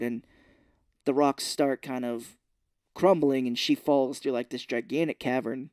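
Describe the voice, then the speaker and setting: On a podcast, a male co-host casually recaps a film scene by scene, laughing often and slipping into mock voices for the characters. He speaks at normal speed with a medium-pitched, steady, darkish tone. The studio-quality recording has no room sound.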